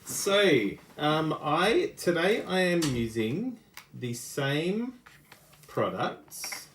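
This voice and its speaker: A man's voice: on the high side, big pitch swings, extremely slow, fairly bright tone, echoey room, a little hiss or hum. A man co-hosting a casual craft stream, reading viewer comments aloud with dry, understated remarks. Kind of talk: casual live craft demo.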